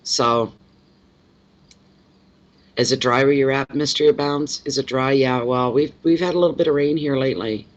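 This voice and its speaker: A man's voice: medium pitch, normal speed, long pauses. Chatty man on a lo-fi live stream. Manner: chatty and rambling, repeats words, greets viewers by name. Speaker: tarot reader hosting a live stream. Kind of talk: casual live-stream chat with viewers. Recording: slightly dull lo-fi audio.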